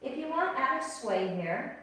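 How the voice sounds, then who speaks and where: A woman teaching a yoga class, giving calm, gently paced cues and counting breaths. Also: high-pitched, unhurried. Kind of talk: guided yoga instruction. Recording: echoey room, voice from a distance.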